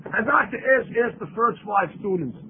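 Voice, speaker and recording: Animated man preaching over tinny line. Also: high voice, moderate pace. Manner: animated, digressive, emphatic storytelling. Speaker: religious lecturer. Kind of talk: Torah sermon. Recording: tinny phone-like line with faint hiss.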